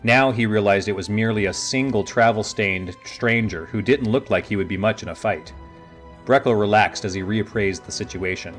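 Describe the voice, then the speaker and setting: A man with a lowish voice reads a fantasy audiobook in a steady, measured way. Faint music runs underneath his narration.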